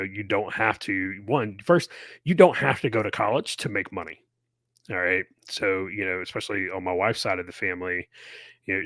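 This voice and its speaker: A man's voice: on the low side, fairly bright tone, dry recording, clean studio sound. A man who retired from the army, co-hosting a podcast and chatting in a laid-back way, often repeating himself while thinking. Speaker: podcast co-host, retired soldier. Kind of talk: casual chat.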